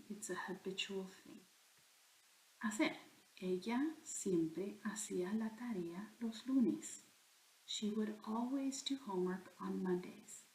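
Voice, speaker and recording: A woman's voice: mid-range voice, darkish tone, roomy sound, low-quality recording. A woman teaching a recorded grammar lesson, explaining patiently step by step. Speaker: Spanish teacher.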